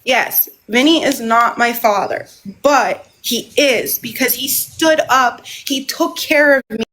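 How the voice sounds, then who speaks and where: Woman live-streamer, slightly high voice, rambling and emotional, repeating herself. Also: takes it slowly, a bit bright, low-quality recording. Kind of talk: casual live stream monologue.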